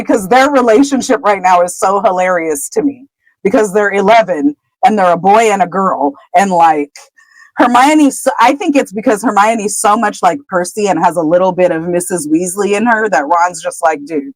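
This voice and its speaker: A woman's voice: medium pitch, moderate pace, dry recording, low-quality recording. Chatty woman recapping a story. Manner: chatty, laughs often, trails off with "whatever". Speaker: podcast co-host. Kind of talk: casual chapter recap.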